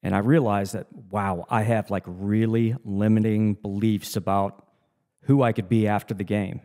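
A man's voice: on the low side, fairly even intonation, moderate pace, a little mellow. A man co-hosting a podcast, talking in an earnest, reflective, motivational way in casual chat. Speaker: podcast co-host.

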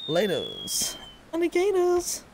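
A woman's voice: extremely high pitch, wildly swooping pitch, takes it slowly, heavy background noise. A woman streaming VR gameplay on a headset, rattling off crude, sweary banter aimed at game characters. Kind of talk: chaotic gameplay commentary. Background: loud background music.

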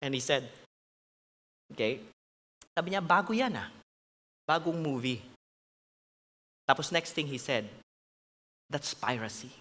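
A man's voice: mid-range voice, lively intonation, a little slow, long pauses, sharp tone, in a large hall, a little hiss or hum. A man with a Filipino accent preaching a sermon as pastor, switching between English and Tagalog in a conversational, joking way. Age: adult with a grown son. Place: large church hall.

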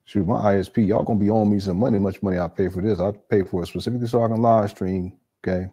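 A man's voice: lowish voice, steady tone, rapid-fire, warm tone. A man hosting a live stream, reacting to a clip with incredulous exclamations and talking to his chat. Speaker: live-stream commentary host.

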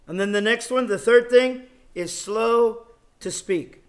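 Middle-aged male Bible lecturer, higher-pitched voice, measured and repetitive, sometimes drops soft and low. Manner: measured, repeats key phrases for emphasis. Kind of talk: sermon.

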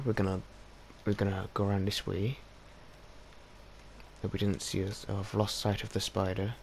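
Gravelly man narrating his gameplay. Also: lowish voice, a little mellow, a little hiss or hum. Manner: chatty, coaxes his in-game pets along. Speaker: gaming channel host. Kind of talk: casual let's-play commentary.

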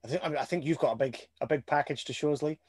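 A man's voice: fairly high pitch, very fast, a little mellow, breathy edge, no echo. Jokey Scottish man, dry close sound. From Scotland. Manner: jokey, steers the talk, stammers on starts. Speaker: co-host of a collectors' chat show. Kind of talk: casual video-call chat.

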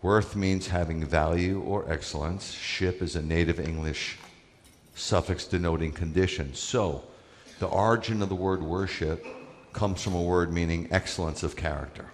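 A rabbi preaches in a relaxed, conversational way and leans hard on his key points. His voice is very low, and a long reverb trails each phrase, as in a large hall. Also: normal speed. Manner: conversational, emphatic preaching with asides to the congregation. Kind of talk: sermon.

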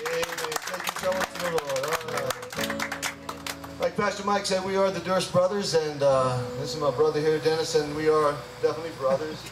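A gospel singer and bandleader leads a live concert in a church hall, cracking jokes between songs with folksy stage patter. His fairly high voice holds a steady tone at a moderate pace over a loud crowd and guitar music. The audio is roomy live hall sound captured from far off.

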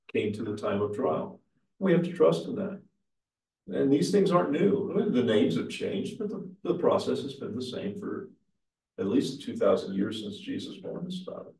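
A man who is a pastor leading an adult church class, speaking in a measured, explanatory way and putting questions to the group. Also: medium pitch, gravelly, dark tone. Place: church meeting room. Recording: echoey room, mic far off.

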